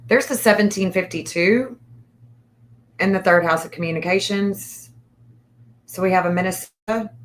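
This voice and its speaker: A woman hosting a casual livestream, reading an astrology chart aloud and thinking out loud in a hesitant, repetitive way. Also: medium pitch, moderate pace, long pauses, slight background noise.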